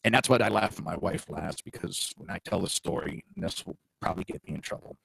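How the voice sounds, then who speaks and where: A middle-aged man hosts a political talk show in a blunt, profane way, dropping mocking asides. His voice has a gravelly edge and a sharp, bright tone. The recording is dry and close, with no room sound. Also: low-pitched, fast, no echo, poor audio.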